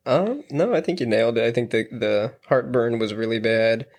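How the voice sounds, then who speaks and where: A man, a new father, guesting on a podcast, relaxed and reflective. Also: mid-range voice, normal speed. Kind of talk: casual conversation.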